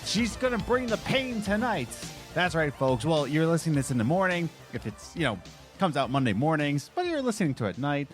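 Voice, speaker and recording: A man co-hosting a casual gaming podcast, joking and telling stories with lively voice changes. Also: a little high, soft background music. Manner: animated, jokey, quick voice changes. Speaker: podcast co-host. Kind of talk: casual chat.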